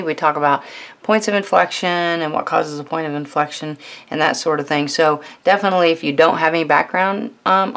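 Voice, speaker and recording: A woman math teacher explaining a calculus problem step by step, often pausing on "all right.". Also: lowish voice. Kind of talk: recorded math tutorial.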